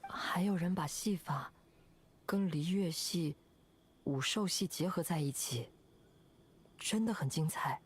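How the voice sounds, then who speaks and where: A woman voicing a quiet, soft-spoken young performer in game dialogue, with a breathy voice and a hesitant manner. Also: on the low side, unhurried, pauses often.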